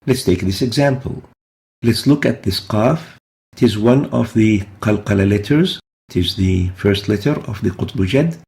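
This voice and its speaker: Patient male teacher, gravelly voice. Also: lowish voice, animated, darkish tone. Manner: patient, repeats example words slowly. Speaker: Quran recitation teacher. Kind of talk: explaining tajweed rules step by step.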